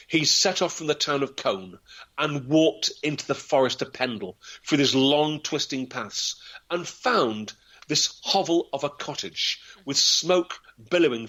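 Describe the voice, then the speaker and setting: A local historian and storyteller tells a historical tale with theatrical flair, vividly acting out the voices. His mid-range voice is bright and husky, with a forceful tone.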